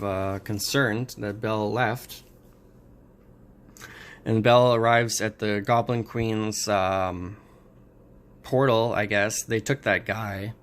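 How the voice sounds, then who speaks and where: A man casually summarizing and reviewing a comic book, talking in a halting way with many pauses and restarts. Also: on the low side.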